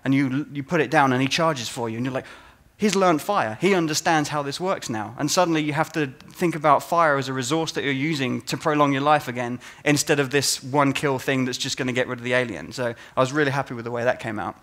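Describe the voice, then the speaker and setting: A man's voice: medium pitch, fast, few pauses. A man giving a conference talk as a game designer, telling stories and acting out players' reactions. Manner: animated storytelling, acts out players' reactions.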